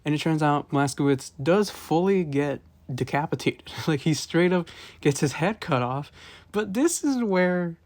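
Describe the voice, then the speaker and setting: A man's voice: fairly high pitch, expressive, unhurried, a little mellow. A man rambling casually through a game review, with lots of fillers and frequent chuckles. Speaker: gaming video host.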